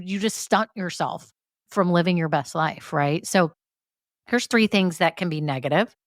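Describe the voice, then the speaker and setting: Brief: woman host, candid and chatty, lowish voice, dry close mic. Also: no room sound. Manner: chatty, candid, lots of fillers and tag questions. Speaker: podcast host. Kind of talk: solo business podcast talk.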